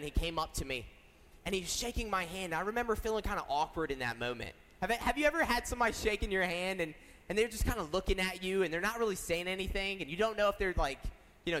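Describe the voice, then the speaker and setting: A man's voice: high-pitched, sharp tone. A young man preaching as a youth pastor, earnest and storytelling, joking at himself and asking the audience questions. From South Carolina. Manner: earnest, storytelling, self-deprecating jokes, asks the audience. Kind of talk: sermon. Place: large church hall. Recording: reverberant hall.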